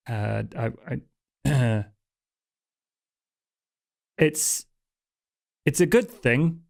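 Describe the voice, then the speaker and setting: A man's voice: mid-range voice, a little mellow, clean tone. A man playing a nervous, jokey young man newly turned vampire, stammering and swearing as he talks in a tabletop role-play. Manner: stammering, hesitant, crude humour.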